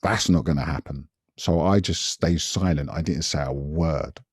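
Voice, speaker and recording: A man, telling a story on a podcast in a casual, animated way, repeating himself and adding asides. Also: very deep voice, moderate pace, slightly rough, dry recording, clean studio sound. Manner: animated, repetitive retelling with frequent asides. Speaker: podcast guest recalling past events.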